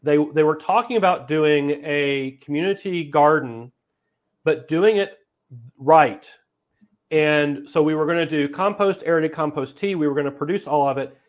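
A man's voice: a little high, moderate pace. A man in casual conversation, thinking aloud and laying out plans with many fillers and restarts. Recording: slightly muffled lo-fi audio.

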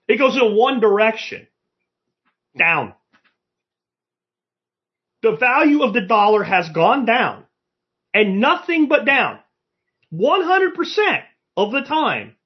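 A man hosting a live stream, talking with a lively, swooping delivery and a slightly husky voice. He is blunt and profane as he rants back at chat comments. The audio is dull and lo-fi. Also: high voice. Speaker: podcast host.

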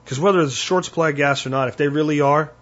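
An older man hosting a solo podcast, talking bluntly and emphatically in warning tones, with a husky voice. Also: fairly high pitch, quick pace, a bit bright, dull audio. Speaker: podcast host.

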